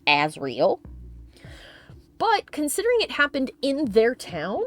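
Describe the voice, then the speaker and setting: Animated woman chatting over gameplay. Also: mid-range voice. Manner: chatty, animated, laughs often, swears. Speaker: let's play gamer. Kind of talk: casual gameplay commentary.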